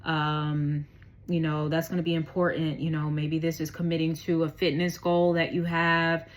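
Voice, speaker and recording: A woman's voice: low-pitched, flat delivery, moderate pace, low-quality recording. Chatty, slangy tarot reader woman. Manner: chatty, slangy and profane, laughs often. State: out of breath. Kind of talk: casual tarot reading.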